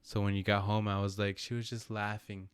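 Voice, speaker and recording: A man's voice: fairly low pitch, flat delivery, brisk, smooth. A young man co-hosting a podcast, telling a story in a rambling, laughing way and repeating himself. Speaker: podcast co-host. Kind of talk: casual storytelling.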